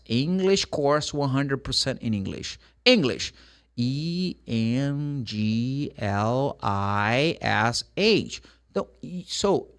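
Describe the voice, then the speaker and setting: A middle-aged Brazilian man with a native Portuguese accent teaches English in a relaxed, conversational way. His pitch sits in an ordinary middle range but swings around a lot. He often slows right down to spell words letter by letter. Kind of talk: casual spoken lesson.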